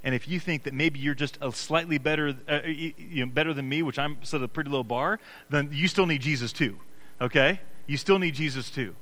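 A man preaching as pastor speaks briskly, earnest and emphatic, dipping into hushed low passages and rising into pressing ones, restarting often. The recording is low quality.

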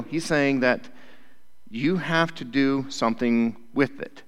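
A man's voice: mid-range voice, slow pace, clear, resonant tone. Youth pastor, male, mid-range voice, casual preacher who keeps asking "right?", in a big echoing hall. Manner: conversational, keeps checking in with "right?". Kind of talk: casual sermon. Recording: long hall reverb.

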